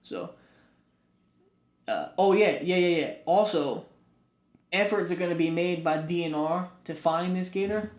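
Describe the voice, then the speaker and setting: A man co-hosting a casual podcast, telling stories and rising loud for punchlines. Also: high-pitched, a little slow, long pauses. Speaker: podcast co-host. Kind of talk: casual chat. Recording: echoey room.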